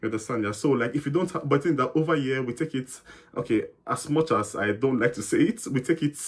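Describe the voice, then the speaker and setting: A young man from Nigeria talks through his experiences as an interview guest. His voice sits at an ordinary middle pitch, and he rambles in a friendly way, restarting sentences and acting out conversations. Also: fast. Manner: chatty, explains with many fillers and restarts, acts out quoted exchanges. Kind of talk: casual interview chat.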